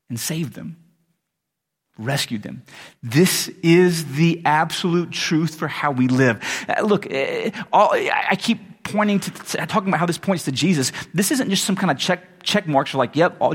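A male pastor with a husky voice on the high side preaches conversationally, correcting himself mid-sentence and rising into animated asides.

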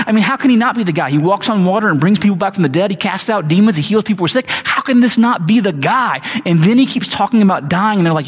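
A man's voice: sits high, lively intonation, fast, few pauses, breathy edge. A man preaching a casual, conversational sermon in slangy everyday words, acting out the people he quotes. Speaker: pastor. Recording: long hall reverb.

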